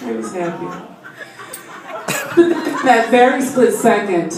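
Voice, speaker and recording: A woman stand-up comedian telling a story in an animated way, laughing through her lines and acting out voices, recorded from far back in a comedy club. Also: a little high, normal speed, crowd noise. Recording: echoey club room from far off, audience noise.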